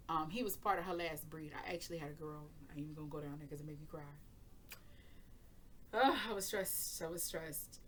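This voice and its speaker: A woman's voice: fairly low pitch, slight background noise. A woman hosting her channel, telling a rambling personal story in casual chat, laughing often and cursing freely. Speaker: tarot reading channel host.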